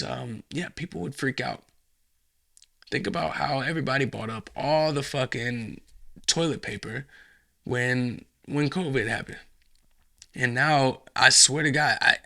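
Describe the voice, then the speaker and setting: Gravelly, bright-voiced ranting male podcaster. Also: medium pitch. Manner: profane, ranting, mocking put-on voices. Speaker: podcast host. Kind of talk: solo commentary monologue.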